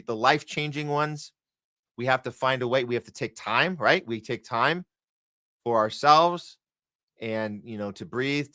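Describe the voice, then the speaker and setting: A man's voice: medium pitch, fairly bright tone, dry recording, studio quality. A man hosting a podcast, talking casually and encouragingly, wandering and restarting his sentences. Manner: rambling, encouraging, many restarts. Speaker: podcast host.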